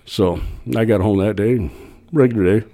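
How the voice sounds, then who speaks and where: A middle-aged man, a podcast guest, telling a long rambling story in a casual, animated way with frequent restarts. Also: lowish voice, normal speed.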